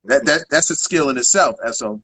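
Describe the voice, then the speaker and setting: A man hosting a casual interview, agreeing often and asking about the guest's career in relaxed slang. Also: mid-range voice, brisk, slightly rough, rough recording. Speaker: interview host.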